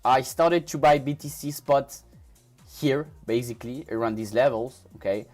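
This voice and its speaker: A man's voice: mid-range voice, normal speed, darkish tone, faint music behind. A man with a French accent, a native French speaker, chatting casually with viewers on a trading live stream, often restarting and repeating words. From France. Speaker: crypto trading livestreamer.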